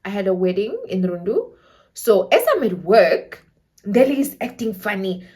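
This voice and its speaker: A young woman with a Namibian accent telling a dramatic story to camera in a casual, animated way, acting out quotes and laughing often. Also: mid-range voice, moderate pace. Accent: Namibian English. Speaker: storytelling vlogger.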